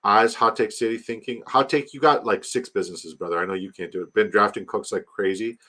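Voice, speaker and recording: A man's voice: lowish voice, a little fast, bright, forceful tone. Casual man hosting a stream. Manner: loose, swears, talks to chat directly. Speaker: livestream host. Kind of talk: casual chat.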